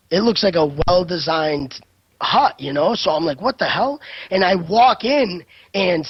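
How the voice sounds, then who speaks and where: Brief: young male co-host, animated storyteller, dry close lo-fi voice chat sound. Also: high voice, breathy edge, no room sound. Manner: excitable storyteller, swears a lot, many fillers. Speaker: podcast co-host. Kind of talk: casual gaming chat.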